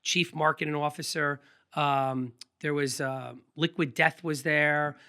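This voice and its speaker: Male podcast guest, high bright voice, lively rambling storyteller. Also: clean tone. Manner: energetic, rambling, quick anecdotes with laughs. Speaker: guest photographer. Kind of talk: casual storytelling interview.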